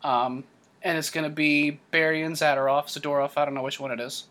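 Male podcast host, slightly high, analytical, chatty, quick to chuckle. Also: steady tone, sharp tone. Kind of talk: casual sports chat.

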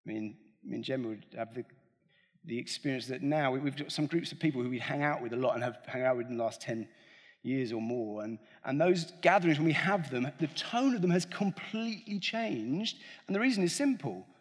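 A man's voice: mid-range voice, lively intonation, brisk, long reverb tail. A man preaching a sermon in a conversational, joking way, talking straight to the congregation.

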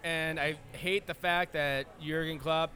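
A man co-hosting a soccer podcast, telling stories in an excitable way with lots of swearing. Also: a little high, a little slow, soft background music. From Minnesota. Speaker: podcast co-host. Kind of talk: casual sports chat.

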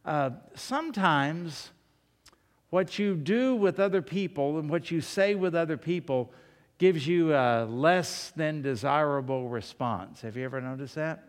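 Deliberate preacher in an echoing hall. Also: male voice, mid-range voice, animated. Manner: slow, deliberate, conversational preaching. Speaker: pastor. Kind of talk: sermon with personal stories. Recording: long hall reverb.

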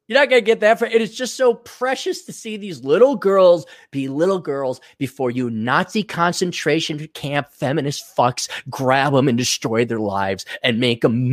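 A man's voice: fairly high pitch, dry recording, studio quality. Crude, ranting man on a livestream. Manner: crude, ranting, mimics voices in quotes. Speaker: show host reading superchats. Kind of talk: rambling livestream monologue.

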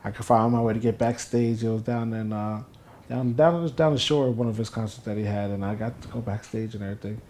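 Speaking fairly low and at a quick pace, this young New Jersey native recounts stories as a guest in an interview. He keeps it casual, performing each quote as his excitement builds.

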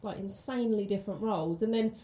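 A woman's voice: medium pitch, quick pace, warm tone. A woman, co-hosting a casual film podcast and chatting with many ums and restarts. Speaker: podcast co-host. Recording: roomy echo.

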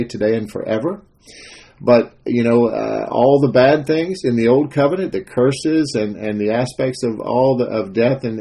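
A man gives a loose, conversational devotional talk. His voice is husky and slightly breathy. He wanders through his story with frequent fillers and restarts before settling into scripture. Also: mid-range voice, a little mellow. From Texas.

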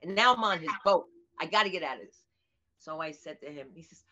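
Older lady comic telling stories, does all the voices, kinda low voice, muffled audio. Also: brisk. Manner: animated storyteller, acts out quoted voices. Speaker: comedian guest. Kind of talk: casual interview chat. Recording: dull lo-fi audio.

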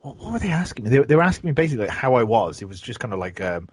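Talking very fast and very animatedly, this podcast host rambles through stories in casual chat, with plenty of swearing. His medium-pitched voice is slightly rough, with no room sound.

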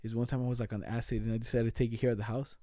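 Dark-voiced, slangy young man. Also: medium pitch, little pitch movement, rapid-fire, no echo, studio quality. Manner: slangy, laughing storyteller, swears a lot. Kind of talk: casual chat.

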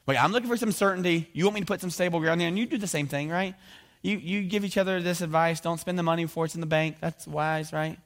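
Male pastor, animated and jokey sermon, does the voices of biblical figures. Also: on the high side, fast.

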